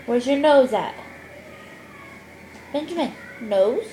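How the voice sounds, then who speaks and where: A woman in a home video, coaxing a toddler with slow, sing-song baby talk. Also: sits high, animated, dark tone, a little hiss or hum, poor audio. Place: family home indoors.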